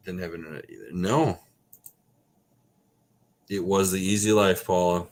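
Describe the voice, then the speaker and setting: A man's voice: sits low, steady tone, moderate pace, pauses often. A man hosting a casual livestream, reading viewer comments aloud, joking and swearing casually as he reminisces. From Wisconsin. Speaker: livestream host reading chat. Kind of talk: casual live chat.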